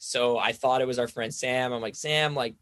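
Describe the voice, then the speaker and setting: A man's voice: medium pitch, completely flat delivery, brisk, slight background noise. Rambling man telling a story. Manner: rambling, says "like" constantly, acts out quoted voices. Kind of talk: casual storytelling chat.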